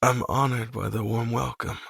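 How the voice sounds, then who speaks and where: Man voicing a mocking reckless young guy, very gravelly and husky, low. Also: little pitch movement, moderate pace, fairly bright tone, no room sound, studio quality. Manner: teasing, mocking. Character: playful reckless young man, grinning, manic edge.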